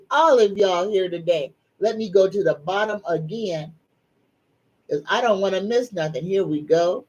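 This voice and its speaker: A middle-aged woman, hosting a casual psychic livestream and greeting viewers in a slow, folksy, drawn-out way. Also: medium pitch, a little mellow, rough recording. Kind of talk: casual live-stream chat.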